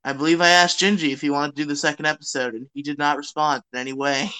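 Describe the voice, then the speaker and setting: A man hosting a podcast, chatting loosely and joking around with casual swearing. His voice sits a little high and sounds bright and forceful. It is smooth and very clear. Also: steady tone, fast talker, rough recording. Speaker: podcast host.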